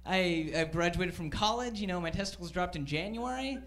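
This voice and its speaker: High, bright young man doing cocky self-mocking stand-up. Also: animated, fairly quick. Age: 20s. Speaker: stand-up comedian. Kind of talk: stand-up comedy set. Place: comedy club stage.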